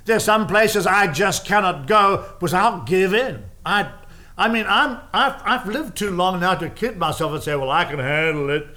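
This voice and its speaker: A man's voice: high voice, animated, moderate pace, bright, forceful tone. A man preaching a sermon, driving his points home with repeated phrases and casual asides. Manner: emphatic, repetitive preaching cadence with asides.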